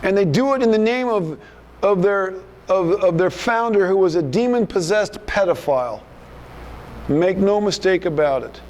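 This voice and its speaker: A man's voice: high voice, lively intonation, moderate pace, darkish tone, a little hiss or hum. A male pastor preaching a sermon in an emphatic, rebuking manner, often repeating himself.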